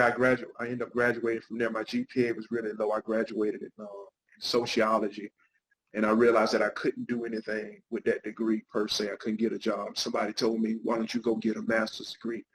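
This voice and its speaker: A man's voice: lowish voice, fairly bright tone, a little hiss or hum, rough recording. A middle-aged man, a guest pastor and counselor, telling his life story in an interview with an earnest, heartfelt manner.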